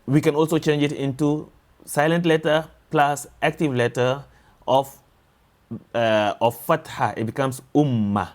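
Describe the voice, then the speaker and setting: A man teaching a recorded lesson, explaining slowly and patiently, repeating each sound and drilling examples. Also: medium pitch, steady tone. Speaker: Quran tajwid teacher.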